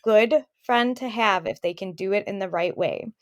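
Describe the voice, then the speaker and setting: A woman in her thirties co-hosts a podcast, speaking at medium pitch and a moderate pace. In casual conversation she shares personal stories candidly and with real emotion.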